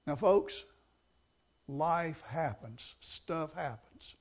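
A man's voice: a little high, animated, very slow. A middle-aged man preaching a sermon as pastor, in a folksy, conversational way that rises to emphasis.

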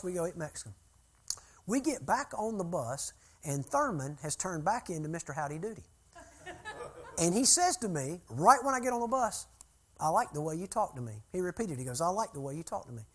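Folksy older preacher, husky voice. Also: male voice, high-pitched. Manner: folksy, conversational storyteller. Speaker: preacher and church consultant. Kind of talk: sermon-style teaching with storytelling.

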